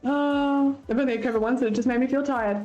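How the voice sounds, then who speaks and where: A woman's voice: sits high, steady tone, fast, dark tone, dull audio, soft background music. A young Australian woman streaming, chatting casually with her viewers, swearing freely and laughing often. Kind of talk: casual chat with live chat.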